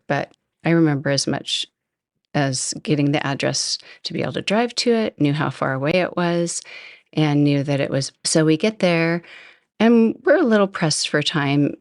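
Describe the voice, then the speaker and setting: Deep gravelly woman telling a story. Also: dry recording, studio quality. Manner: chatty, self-deprecating, anecdotal. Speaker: podcast host. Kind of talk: storytelling monologue.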